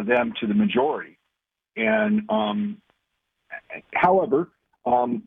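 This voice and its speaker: A man speaks as a radio guest over a tinny, dry phone line. His voice is gravelly and a little husky, with a lively, rising-and-falling pitch. He argues in a combative way and fills his talk with ums and restarts. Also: no echo. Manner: combative, many fillers and restarts. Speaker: radio guest, gun rights group leader.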